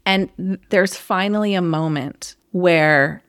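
A woman's voice: fairly low pitch, takes it slowly, no echo, clean studio sound. A woman co-hosting a casual movie review podcast, telling her story with feeling. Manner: emotional, animated storyteller. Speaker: podcast co-host.

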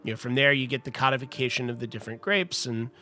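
A wine importer, appearing as a guest on a casual podcast, tells a long, rambling story about wine history, full of restarts and asides. His mid-range voice is steady and sharp-toned, and he talks fast.

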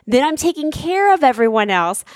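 A woman's voice: high voice, sing-song, moderate pace, dry recording, studio quality. A woman in her thirties chatting casually, emphatic and indignant as she gives her side. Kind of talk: casual chat.

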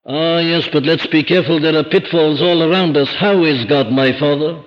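A man preaching a sermon, emphatic and rhetorical, slowing down to stress key words. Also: fairly high pitch, big-room sound. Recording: dull lo-fi archive recording.

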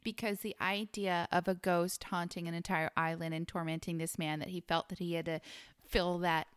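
A middle-aged woman co-hosting a podcast, chatting casually and telling a story, lively, sometimes dropping to a whisper. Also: lowish voice, moderate pace, clean tone. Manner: animated, drops to whispers when telling spooky parts. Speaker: podcast co-host.

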